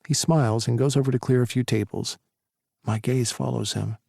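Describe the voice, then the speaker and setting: A male narrator telling a first-person romance audiobook in a steady, even storytelling voice. His tone has a gravelly rasp at the edges, recorded close and dry on a studio mic. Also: mid-range voice, moderate pace, no room sound.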